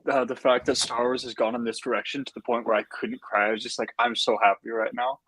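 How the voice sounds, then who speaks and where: A man's voice: mid-range voice, level tone, quick pace, a bit bright, a little hiss or hum, poor audio. A man in a casual podcast chat about a TV episode, speaking frankly and earnestly, often restarting his sentences. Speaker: podcast co-host.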